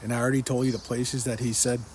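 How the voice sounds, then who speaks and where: A man gives a personal religious testimony, earnestly retelling a dream and quoting over and over what the figure in it told him. His medium-pitched voice is level and darkish, and he talks quickly. There's slight background noise.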